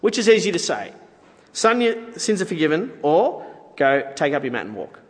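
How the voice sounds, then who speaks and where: A man delivers a sermon in a relaxed, chatty way, with playful asides to his listeners. His voice sits a little high and swings widely in pitch. The sound carries a long hall reverb. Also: normal speed. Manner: conversational, playful asides to the audience. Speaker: preacher.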